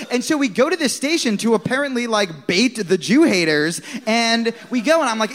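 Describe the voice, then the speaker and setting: A man's voice: high-pitched, lively intonation, fairly quick, a bit bright. A comedian man telling a story on a live stage podcast, acting out the people he quotes. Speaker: comedian guest.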